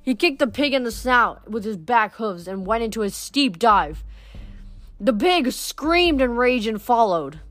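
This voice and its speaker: A woman reading an adventure novel aloud in the first person, telling the story with lively delivery and punching the shouted lines. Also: fairly high pitch, a little slow, no room sound. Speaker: audiobook reader.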